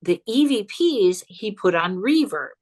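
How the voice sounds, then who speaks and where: Psychic comedian guest, woman, lively storyteller, mid-range voice. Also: mid-range voice, a little slow. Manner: animated, chatty, laughs while telling. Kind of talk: casual storytelling chat.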